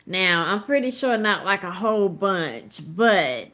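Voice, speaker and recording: This live commentary host, a woman in her thirties, has a mid-range voice with a sing-song, unhurried lilt and a sharp tone. She talks directly to her audience in a relaxed, conversational manner, and her commentary is blunt, emphatic and laced with swearing.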